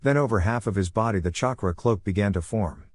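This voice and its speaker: A man narrating a fan-written story in a plain, steady reading voice. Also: on the low side, fairly quick, no echo.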